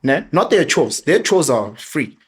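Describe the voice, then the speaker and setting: A middle-aged man with a South African accent, telling animated parenting stories in a casual podcast chat. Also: fairly high pitch, measured pace, slightly rough. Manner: animated storyteller, mixes local words into his talk. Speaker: father sharing parenting stories.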